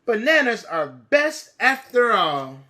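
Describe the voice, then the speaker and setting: A man voicing an eager little girl from a picture book, in a high, urgent storybook voice. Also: very animated, slow, pushed and bright, full character voice. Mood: pleased.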